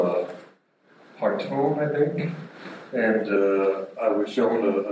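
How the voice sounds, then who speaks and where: A man with a lowish voice gives a hesitant public comment at a meeting, filling his pauses and restarting often. He sounds far from the mic in a very echoey hall, with clear background noise. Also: a little mellow. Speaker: visitor making a public comment.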